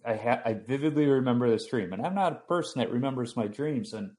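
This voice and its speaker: A young adult man recounting a family story in relaxed conversation. He talks with an animated, anecdotal energy. His voice sits in an ordinary middle pitch. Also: quick pace.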